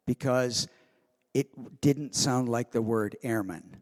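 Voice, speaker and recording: A man, the guest of honor at a convention, telling an animated, self-amused anecdote from the stage of a convention hall. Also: mid-range voice, slow. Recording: long hall reverb.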